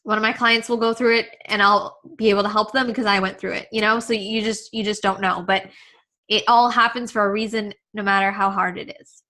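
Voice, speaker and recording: A woman's voice: medium pitch, steady tone, a little fast, pushed and bright. A woman coaching a live webinar, earnest and emotional, repeating herself with many fillers, speaking over a video call. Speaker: confidence coach leading a webinar.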